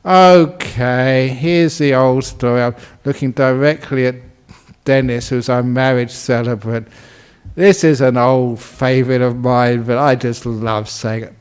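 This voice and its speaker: Slow, playful monk telling a story. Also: male voice, medium pitch, darkish tone, clear, resonant tone. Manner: playful, acts out voices and quacks, laughs at himself. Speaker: Buddhist monk giving a talk. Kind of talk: storytelling dharma talk.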